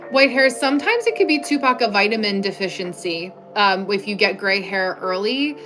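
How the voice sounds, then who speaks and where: A woman's voice: mid-range voice, animated, moderate pace, music in the background. A young woman from the United States hosting a casual livestream, reading viewer comments and answering them in a chatty way, full of "like" fillers, on a clip-on mic. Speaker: livestream host.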